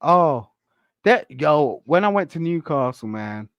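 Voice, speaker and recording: A man talks in a wordy, earnest way as a livestream guest. His voice is high and swings widely in pitch. The sound is dry and close. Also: sing-song, takes it slowly, no echo. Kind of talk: casual online banter.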